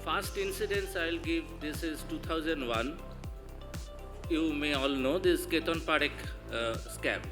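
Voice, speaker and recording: A man's voice: fairly high pitch, a little slow. A man with an Indian English accent giving an informal conference talk, recounting examples. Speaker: panel speaker. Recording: clear music behind.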